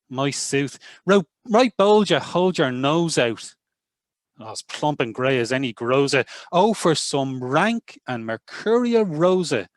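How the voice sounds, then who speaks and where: A man with a Northside Dublin accent, a university lecturer, reading a poem aloud in a lively, rhythmic way. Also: fairly high pitch, dry recording. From Ireland. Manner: lively, rhythmic verse recital. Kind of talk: poetry reading. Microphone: video call.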